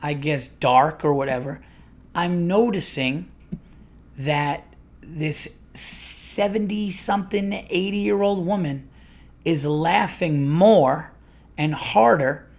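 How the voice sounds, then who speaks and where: Middle-aged male comedian, casual podcast storytelling, slightly higher pitch, lively restarts. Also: takes it slowly, gravelly. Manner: rambling, animated, with restarts and acted-out quotes.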